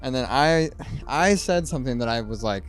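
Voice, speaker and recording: A man's voice: mid-range voice, animated, normal speed, soft background music. A man in his twenties, a podcast guest, telling a story casually with a lot of "like" and laughing at himself. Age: 20s. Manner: rambling, many "like"s, laughs at himself.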